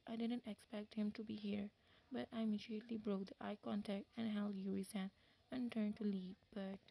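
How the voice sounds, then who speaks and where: A woman reading a fan fiction story aloud at a steady pace, at times dropping to a soft whisper. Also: mid-range voice, creaky, poor audio.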